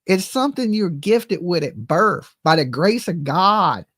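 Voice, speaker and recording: A man's voice: high voice, big pitch swings, a little slow, fairly bright tone, no echo. Heated Southern man ranting, dry sound. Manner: heated, repetitive, keeps asking "okay?". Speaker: commentary channel host. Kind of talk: ranting reaction commentary.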